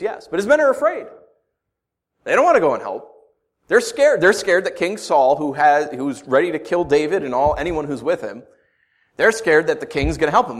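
A middle-aged man preaching a sermon in an animated, conversational way. His voice sits a little higher than most men's, and he moves between scripture reading and off-the-cuff asides. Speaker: pastor.

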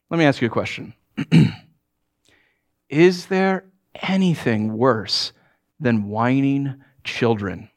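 A male pastor preaching a sermon in a lively, joking way, often putting on voices for quotes. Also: takes it slowly, pauses often. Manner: animated, acts out quotes in high voices, jokes with congregation.

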